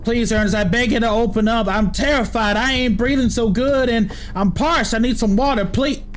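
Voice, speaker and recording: A man's voice: very high-pitched, normal speed, slight background noise, voice pushed up. A man voicing a frightened old rural man with a put-on country accent, drawling and pleading breathlessly as he hides from guards. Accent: put-on American country accent. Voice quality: drawling, folksy. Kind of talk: reading game dialogue in character.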